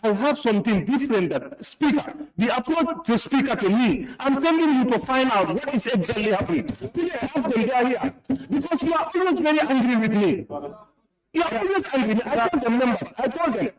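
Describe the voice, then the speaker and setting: A man's voice: very high voice, lively intonation, a little fast, a crowd in the background, poor audio. Stern Gambian man chairing parliament. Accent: Gambian English. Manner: stern, scolding, repeats himself. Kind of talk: presiding over a heated debate. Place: parliament chamber.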